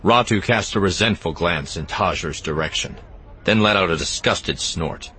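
A man narrating an audiobook in an expressive, even storytelling manner. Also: sits low, normal speed, slight background noise. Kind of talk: scripted narration.

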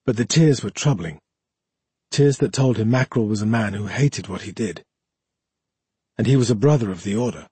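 Male audiobook narrator, husky timbre, dry close-miked recording. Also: lowish voice, moderate pace, pauses often, a little mellow, dry recording.

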